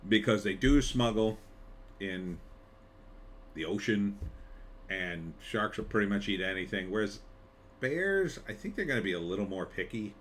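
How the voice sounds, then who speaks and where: Rambling lower-voiced man reviewing a trailer. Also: expressive, moderate pace, long pauses, fairly bright tone, slight background noise. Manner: rambling, conversational, with frequent fillers and wry asides. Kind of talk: casual commentary.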